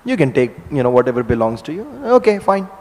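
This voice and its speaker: A man playing a gentle, hesitant lord who speaks softly and apologetically. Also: medium pitch, big pitch swings, fast talker, lightly acted. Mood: meek. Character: meek, gentle male lord, hesitant and soft. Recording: long hall reverb.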